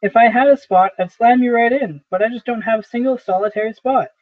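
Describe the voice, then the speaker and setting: A man reading the part of a brisk, dismissive young male boss who chats offhandedly. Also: extremely high pitch, no echo. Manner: chatty, offhand. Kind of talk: amateur play reading. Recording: tinny phone-like audio.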